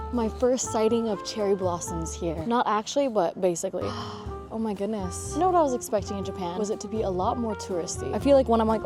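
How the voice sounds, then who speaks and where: A 21-year-old woman from Canada, gushing and slangy as she talks straight to her viewers while vlogging outdoors at a festival park. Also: mid-range voice. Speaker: travel vlogger. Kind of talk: casual travel vlog.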